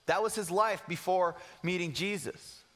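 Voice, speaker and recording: A young man preaching with a high, bright voice, earnest but casual and full of slang and repeats. A long reverb trails each phrase, as in a big church sanctuary. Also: normal speed. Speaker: pastor. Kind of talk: sermon.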